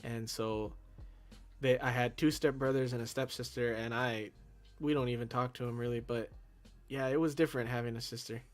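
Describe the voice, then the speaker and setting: A man's voice: mid-range voice, steady tone, normal speed, faint music behind. A man guesting on a casual movie review chat, rambling in an easygoing way with frequent "yeah" and "like".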